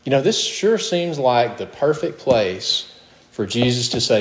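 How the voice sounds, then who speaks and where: A man preaching a sermon in an emphatic way, reading verses aloud and pushing his voice up high on his questions. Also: sing-song, a little slow, roomy sound. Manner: emphatic, rising to high questions, with short laughs.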